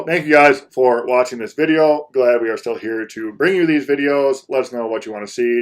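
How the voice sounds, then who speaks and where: A young man from Michigan who hosts a hunting vlog, talking casually to his viewers and rambling, restarting and repeating words as he goes. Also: medium pitch. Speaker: hunting vlogger.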